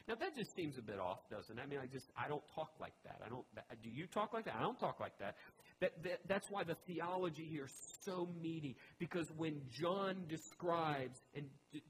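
A man's voice: fairly high pitch, a little hiss or hum, low-quality recording. A man preaching a teaching sermon in a chatty way, with joking asides to his listeners. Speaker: pastor.

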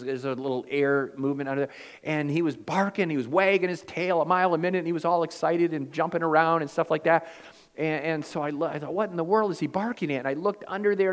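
A man preaching a sermon as pastor. He tells homey stories with a folksy, self-deprecating humor. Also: a little high. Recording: long hall reverb.

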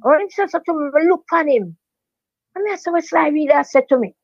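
An older Jamaican woman, a veteran dancehall DJ, telling her story in a lively patois interview with emphatic repetition. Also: sits high, a little fast, no room sound. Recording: dry, dull lo-fi sound.

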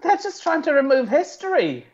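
A man from the UK co-hosting a casual political chat, talking in an animated, sarcastic way. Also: extremely high pitch, moderate pace. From United Kingdom. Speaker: co-host. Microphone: headphones and desk mic. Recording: dull lo-fi sound.

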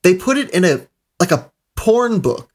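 A man's voice: sits high, big pitch swings, normal speed. A man co-hosting a podcast, telling a profane, rambling anecdote in casual chat. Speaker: podcast co-host.

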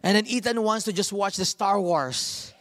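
A man in his thirties preaching a sermon, telling family stories with lively, acted-out quotes. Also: sits high, normal speed. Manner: animated storytelling, acts out quotes. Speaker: pastor. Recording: long hall reverb.

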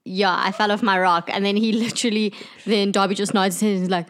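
Woman player describing her character's moves, middle pitch. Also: fairly even intonation, brisk, a bit bright. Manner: describes own character's actions.

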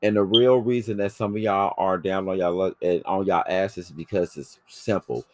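Very deep-voiced man, brash and profane. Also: moderate pace, dry recording. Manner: brash, profane, animated storytelling. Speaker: podcast host. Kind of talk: casual chat.

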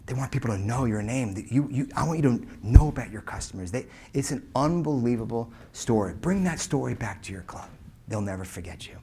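A man in his forties telling a customer service story as a keynote speaker, emphatic, swinging between loud punches and hushed asides. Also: medium pitch, animated, brisk, a little hiss or hum.

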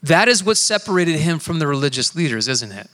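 A man preaching a sermon in a church, telling his own story in an earnest, conversational way and slowing down to stress key words. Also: fairly high pitch, very animated, fairly bright tone. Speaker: pastor. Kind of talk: sermon with personal testimony. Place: church sanctuary. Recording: long hall reverb.

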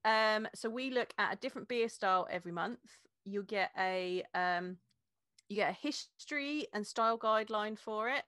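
Lively woman explaining beer tasting. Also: medium pitch, normal speed, clear, resonant tone, dry recording, studio quality. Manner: energetic explainer, laughs often. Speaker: beer educator, interview guest. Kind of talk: casual interview chat.

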